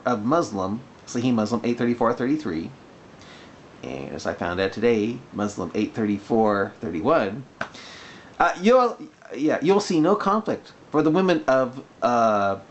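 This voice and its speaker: A man's voice: medium pitch, expressive, normal speed. A man talking in a sarcastic, rambling way in a casual commentary vlog. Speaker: video blogger.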